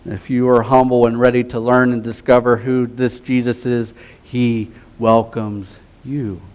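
A man's voice: mid-range voice, flat delivery, a little slow, clear, resonant tone, low-quality recording. Earnest man preaching a sermon. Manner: earnest preaching, drops to a soft hush on key phrases. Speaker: pastor.

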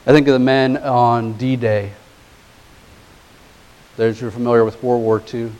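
A man preaching a sermon in a mid-range voice, dropping to near-hushed, low stretches before climbing into forceful, insistent exhortation. He leans on important words with slow, deliberate stress. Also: little pitch movement, low-quality recording. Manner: swings from hushed, low passages to rising, emphatic exhortation. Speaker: pastor.

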